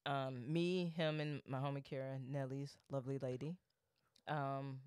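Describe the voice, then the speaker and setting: A man's voice: mid-range voice, flat delivery, a little slow, a little mellow, smooth, dry recording, studio quality. A young man co-hosting a podcast, telling a story animatedly, swearing freely and acting out what people said. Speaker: podcast co-host. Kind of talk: casual storytelling chat.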